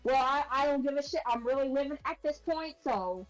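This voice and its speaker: A woman's voice: high-pitched, expressive, brisk, faint music behind, low-quality recording. A woman playing in an online tabletop game, talking in a casual, blunt and defiant way. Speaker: player.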